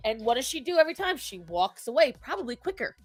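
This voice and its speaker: A woman's voice: sits high, big pitch swings, fast. A woman co-hosting a casual talk show, speaking emphatically and acting out quotes as she makes her points. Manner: emphatic, opinionated, acts out quotes. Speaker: podcast co-host. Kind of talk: casual chat on pet behavior.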